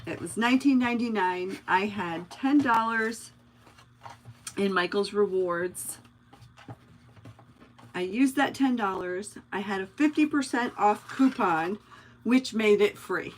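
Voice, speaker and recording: A woman's voice: medium pitch, expressive, slow pace, long pauses, a little hiss or hum, poor audio. A middle-aged woman hosting a craft livestream, chatting casually and telling rambling stories to her viewers while she works. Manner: chatty, rambling storyteller, talks to viewers by name.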